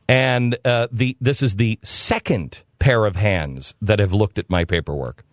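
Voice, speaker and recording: A man's voice: lowish voice, unhurried, no echo, studio quality. A man hosting a talk show, telling a comic story in a sarcastic, exasperated way. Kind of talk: comedic storytelling monologue.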